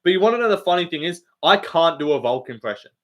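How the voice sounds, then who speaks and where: A man's voice: fairly high pitch, expressive, fast. A young Australian man hosting a live stream, chatting casually and rambling with lots of fillers, swearing and laughs. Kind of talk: casual chat reading live comments.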